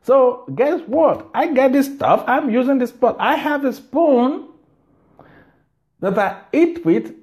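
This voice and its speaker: In a casual to-camera monologue at his house, a middle-aged vlogger with a Nigerian accent speaks slowly in a very high, slightly mellow voice with lively intonation. He rambles and stresses his points, repeating words often.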